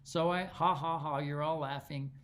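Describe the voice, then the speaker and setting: A man's voice: fairly high pitch, steady tone, moderate pace, a bit bright, a little hiss or hum. A man with a Texan accent giving a live online quilting lesson, chatty and folksy as he tells stories between demonstrations. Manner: chatty, folksy storyteller with easy laughs. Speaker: quilting teacher.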